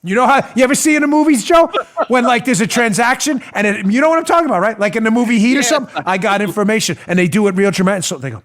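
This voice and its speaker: A man hosting a political talk show, speaking in a sarcastic, animated, mocking manner from a studio. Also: extremely high pitch, very fast. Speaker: host.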